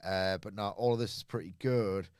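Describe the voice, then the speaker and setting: A man's voice: fairly low pitch, fairly even intonation, moderate pace, smooth, no echo. Rambling male podcast co-host, dry sound. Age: adult with a school-age daughter. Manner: rambling, filler-heavy storytelling. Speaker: podcast co-host, wrestling reviewer. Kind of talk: casual podcast chat.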